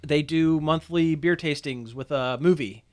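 A man's voice: a little high, measured pace, a little mellow. A man co-hosting a podcast, chatting casually and rambling through a story with lots of fillers. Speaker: podcast co-host. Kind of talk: casual chat.

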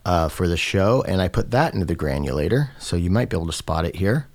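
Man, podcast host, low voice, dry close sound, chatty, fillers. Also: expressive, quick pace, a little mellow, no echo. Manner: chatty, many fillers and restarts. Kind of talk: casual podcast chat.

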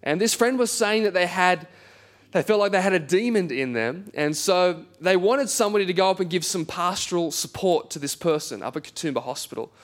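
A man's voice: high-pitched, expressive, fairly quick. A man, a pastor preaching a conversational sermon in church and telling a story with self-deprecating humor. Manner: conversational, self-deprecating, acts out quoted voices.

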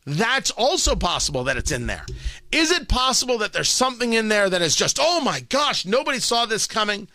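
A man hosting a political talk radio show, delivering an animated, sarcastic monologue into a studio microphone. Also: high-pitched, brisk, dry recording. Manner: animated, excitable, sarcastic asides.

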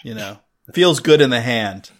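A man's voice: mid-range voice, lively intonation, normal speed. A man as guest in a casual chat, chatty and rambling.

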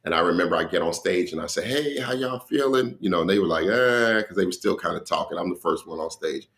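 Deep gravelly comedian telling stories. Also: male voice, fast talker, few pauses. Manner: animated storyteller who acts out dialogue and laughs. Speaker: comedian guest. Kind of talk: storytelling in an interview.

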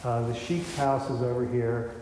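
A man's voice: mid-range voice, flat delivery, normal speed, mellow, slight background noise. A man preaching a sermon, telling a story in a conversational way, full of fillers and restarts. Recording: echoey hall with faint ambience.

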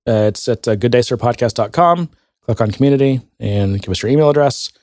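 A man co-hosting a casual podcast, thinking out loud with lots of fillers and restarts. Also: medium pitch, brisk, dry recording, clean studio sound. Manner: thinks aloud, rambling with many fillers. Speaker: podcast co-host. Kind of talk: casual tech podcast chat.

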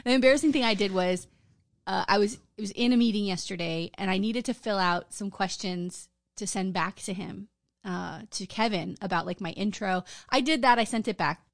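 A woman co-hosting a podcast, telling stories in a lively, profane, casual chat. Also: mid-range voice, moderate pace, creaky, no echo, studio quality. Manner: animated, profane storytelling. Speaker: podcast co-host.

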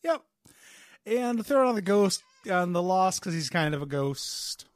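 A man's voice: high voice, big pitch swings, measured pace, no room sound. A man co-hosting a podcast in a goofy, laid-back casual chat, rambling with fillers. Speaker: podcast co-host.

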